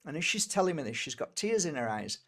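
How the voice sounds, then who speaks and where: A man's voice: fairly high pitch, very animated, fast, fairly bright tone. A middle-aged man from Britain, an energy healer, telling a personal story in a rambling way, with many fillers and restarts. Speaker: energy healer and tarot reader.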